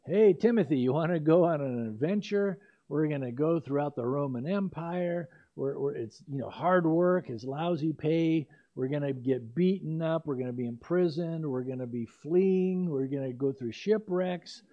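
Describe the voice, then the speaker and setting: An older man voicing a cheerful apostle who cheerfully pitches a hard journey to a young recruit, in a joking sales-pitch manner. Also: normal speed, hardly any pauses, lightly acted. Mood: upbeat, teasing. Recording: dull lo-fi recording.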